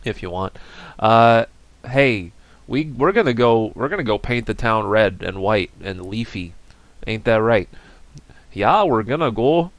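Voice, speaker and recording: A man's voice: on the low side, animated, measured pace, no echo. A man voicing a silly, chatty male mascot character, rambling playfully in an improvised comedy bit. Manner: playful, rambling, bits of mock hype.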